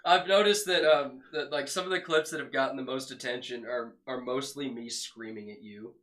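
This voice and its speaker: A man's voice: mid-range voice, normal speed, fairly bright tone. Stammering man in casual chat. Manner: rambling, stammering, swearing.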